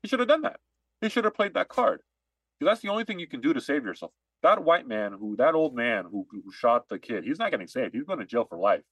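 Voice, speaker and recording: A man's voice: medium pitch, big pitch swings, fairly quick, fairly bright tone, slightly rough, no echo, poor audio. A man co-hosting a podcast, ranting emphatically in heated political chat and repeating his points. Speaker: podcast co-host.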